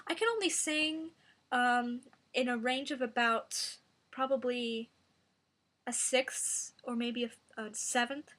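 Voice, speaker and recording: A woman giving a mock singing tutorial in a deadpan, rambling, self-serious way. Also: on the high side, takes it slowly.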